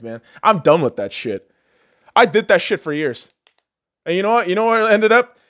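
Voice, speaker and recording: Angry swearing man ranting. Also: high voice. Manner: angry, insulting, swings between yelling and muttering. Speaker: podcast host. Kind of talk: profane political rant.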